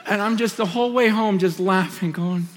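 A man preaching from a stage, telling personal stories with passion, restarting and repeating himself, moving between loud bursts and hushed asides. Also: sits high, normal speed, slight background noise. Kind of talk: sermon storytelling. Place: on a stage in a large hall. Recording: long reverb of a large hall.

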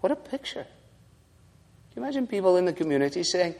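A man's voice: a little high, wildly swooping pitch, brisk, a little mellow, breathy edge, long reverb tail. An older man preaching a sermon as pastor, emphatic and repeating lines for effect.

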